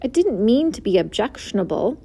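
A woman voicing an eager, earnest young male pig in a storybook reading, high and pleading. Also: very animated, brisk, warm tone, slightly rough, full character voice. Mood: meek.

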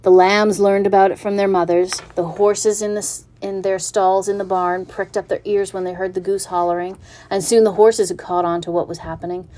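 A woman reading a children's storybook aloud in an even, unhurried narrating manner. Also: medium pitch.

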